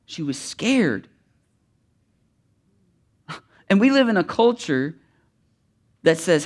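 Male pastor preaching in church, kinda high voice, earnest and pushy, lots of restarts. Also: big pitch swings, takes it slowly, long pauses. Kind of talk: sermon. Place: church before a live congregation.

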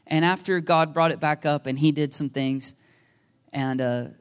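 A man preaching a sermon as a pastor, telling stories with lively energy and acting out conversations with God. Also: a little high, measured pace, clean tone. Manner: animated storytelling, acting out dialogue with God. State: a little emotional.

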